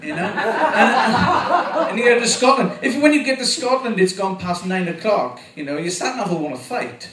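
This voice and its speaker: A man in his forties, nervous at his first stand-up gig, speaks a little fast in a high, animated voice with few pauses, over a noisy crowd. He rambles, curses and chuckles at his own jokes in a small venue with a live audience. The recording is distant and echoey, with faint ambience.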